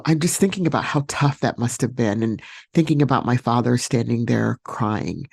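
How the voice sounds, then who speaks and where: A woman hosting a podcast, telling a personal story solo in a reflective, unhurried way with many fillers and restarts. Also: a bass voice, a little mellow, no echo, clean studio sound. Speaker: podcast host.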